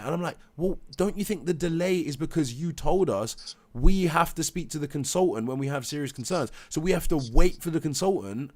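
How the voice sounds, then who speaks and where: A man's voice: on the high side, expressive, a little fast, a little mellow. A man, a father, talks heatedly in a live debate, acting out others' words and swearing. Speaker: parent telling his story.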